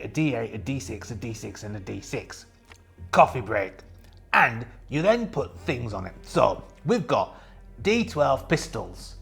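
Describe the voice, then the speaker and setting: A man's voice: mid-range voice, vocal fry, fairly bright tone, exaggerated voice. A man playing a young, boastful pirate captain who rambles as he runs a solo tabletop game and answers his own questions. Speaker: host and solo game player.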